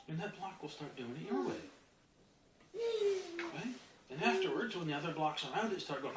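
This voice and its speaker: Animated self-help teacher in an echoey room. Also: medium pitch, normal speed, pauses often, a loud crowd. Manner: animated, acts out inner voices, keeps asking "right?". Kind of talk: spoken self-help lesson. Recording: roomy distant mic with background noise.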